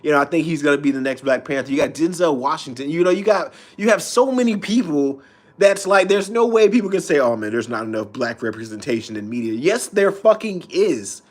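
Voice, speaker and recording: A man's voice: high voice, animated, brisk. A man ranting on an unscripted live stream and reading comments, heated and profane, with his voice swinging sharply up and down.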